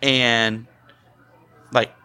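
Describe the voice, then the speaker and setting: A man's voice: medium pitch, flat delivery, extremely slow, pushed and bright, clear, resonant tone. A man who is a longtime drag performer, talking casually in an interview and acting out the greetings he gives people. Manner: chatty, acts out quoted greetings.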